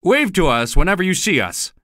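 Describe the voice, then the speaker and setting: A man's voice: high-pitched, big pitch swings, a little fast, sharp tone, no room sound, studio quality, voice pushed up, heavily acted. A man voicing a friendly, grateful bargee in an audiobook reading, with a hearty manner.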